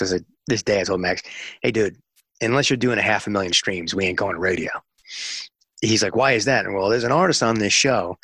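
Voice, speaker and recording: Husky man telling lively stories. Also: on the low side, dry recording. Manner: animated storyteller acting out dialogue. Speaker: music radio promotion executive. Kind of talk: storytelling in an interview.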